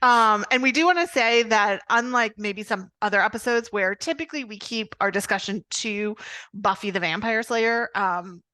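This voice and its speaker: A woman's voice: medium pitch, normal speed, bright, forceful tone, no room sound. A woman co-hosting a podcast in casual chat, explaining the show in a chatty, friendly way. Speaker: podcast co-host.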